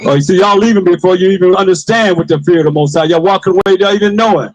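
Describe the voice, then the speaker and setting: A man street preaching to passers-by, with forceful call-and-response, repeated phrases and bursts of shouting. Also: high-pitched, very fast, faint music behind, rough recording. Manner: forceful call-and-response, commands a reader to read.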